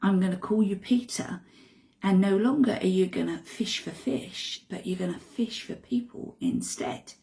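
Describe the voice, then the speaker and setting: Woman voicing Jesus, gently solemn. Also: mid-range voice, moderate pace, vocal fry, close to an everyday voice. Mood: gentle. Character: calm male teacher Jesus speaking to a disciple.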